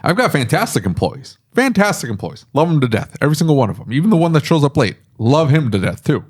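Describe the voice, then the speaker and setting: A middle-aged man, a shop owner, chatting casually on a podcast and telling rambling, animated stories. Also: on the high side, quick pace. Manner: rambling, animated storytelling with laughs.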